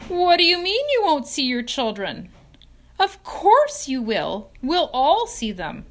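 An innocent, eager young pig, voiced by a woman reading a storybook aloud. His voice sits high and bounces with wonder. Every question comes out bright and hopeful. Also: huge pitch swings, normal speed.

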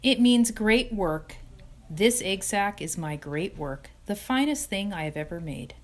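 A woman voicing a wise female spider in a storybook reading, speaking in a weak, tired, gentle voice that slips toward a whisper. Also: mid-range voice, lively intonation, measured pace, lightly acted. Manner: gentle, quiet, slipping to a whisper.

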